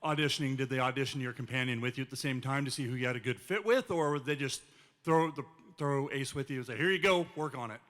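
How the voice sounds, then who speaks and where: A man in the audience asking a convention guest a question, halting and friendly. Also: medium pitch, a bit bright. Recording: echoey convention hall.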